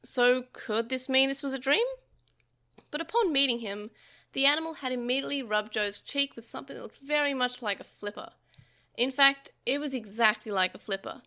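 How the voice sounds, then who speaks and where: A young adult woman reading a novel aloud for a podcast, telling the story in a lively way with small slips and restarts. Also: sits high, moderate pace.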